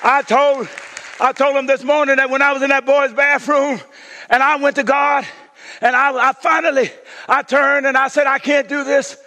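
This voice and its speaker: High, bright-voiced shouting preacher. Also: male voice, flat delivery, moderate pace, big-room sound, a faint crowd. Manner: call-and-response preaching, swings from shouting to hushed. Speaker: pastor. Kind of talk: sermon.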